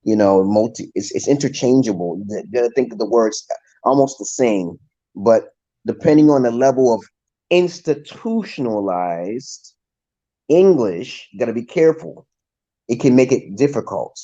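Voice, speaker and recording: A man's voice: medium pitch, lively intonation, normal speed, mellow, dull audio. A man from New York with a New York accent, teaching English over a casual live stream, explaining with patient repetition. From Brooklyn, New York, USA.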